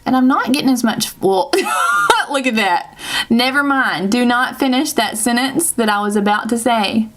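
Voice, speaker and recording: Speaking at a normal speed in a fairly high, fairly bright voice, a woman with a Southern US accent walks viewers through a casual makeup tutorial. The beauty vlogger is chatty and rambling, fixing her own words with a laugh.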